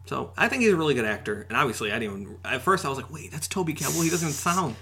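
A man co-hosting a podcast in casual chat, excitable and rambling with lots of fillers. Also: on the high side, racing, slight background noise. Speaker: podcast co-host.

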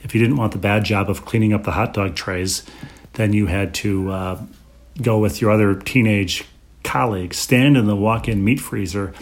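Deadpan man in his fifties from Minnesota, lowish voice, quick dry one-liners in casual co-host chat. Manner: dry, wisecracking quips. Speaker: podcast co-host.

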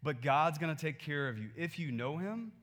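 A man's voice: fairly high pitch, expressive, moderate pace, a bit bright. A man preaching a sermon in a conversational way, asking his listeners rhetorical questions. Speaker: pastor.

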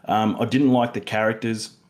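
A man's voice: on the low side, steady tone, moderate pace, darkish tone. A young Australian man co-hosting a casual film review podcast, rambling with many fillers and restarts. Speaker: podcast co-host.

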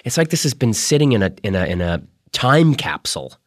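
A man hosting a podcast, chatting in a rambling, casual way full of fillers and restarts, his throat a little rough from a cold. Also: fairly low pitch, sing-song, a little fast, no echo, studio quality. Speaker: podcast host. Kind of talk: casual monologue.

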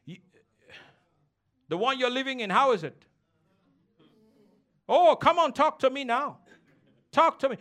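A man's voice: very high voice, expressive, a little slow, long pauses, fairly bright tone. A man preaching a sermon as a pastor, emphatic and teasing, calling on the congregation to respond.

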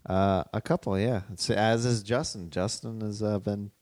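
A man's voice: fairly low pitch, steady tone, moderate pace, darkish tone. A man hosting a casual podcast chat, easygoing and joking, summing up his guest's stories. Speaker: podcast host.

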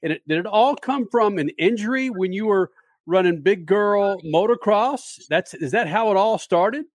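A man hosting a motorsports radio show, interviewing a guest in a jokey, energetic way. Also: sits high, moderate pace, no room sound, studio quality.

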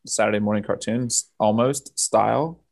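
A man with a Southern US accent chatting casually as a podcast co-host, laughing easily and pausing on fillers. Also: lowish voice, fairly even intonation, vocal fry, a little mellow. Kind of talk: casual chat.

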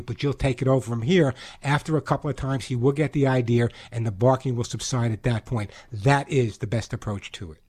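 A man hosting a call-in pet radio show, giving emphatic advice with quick jokes. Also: mid-range voice, a little mellow.

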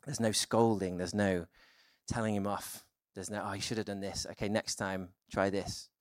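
This low-voiced male preacher moves through his sermon casually, often stopping on fillers, and his tone stays steady. The mic is close, picking up hardly any room and no echo.

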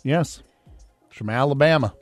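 A man's voice: mid-range voice, moderate pace, no echo, soft background music. A man from Iowa co-hosting a radio show in casual studio chat, easygoing and self-deprecating.

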